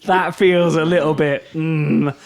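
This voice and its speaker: A man co-hosting a podcast in casual chat, joking and making quick asides. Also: fairly high pitch, fairly even intonation. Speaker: podcast co-host.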